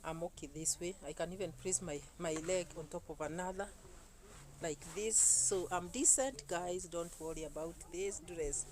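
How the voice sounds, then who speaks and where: A woman, telling a story to camera in an animated way, full of exclamations. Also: fairly low pitch, moderate pace, poor audio. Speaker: YouTuber. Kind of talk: casual talk to camera. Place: indoors, seated. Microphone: phone camera.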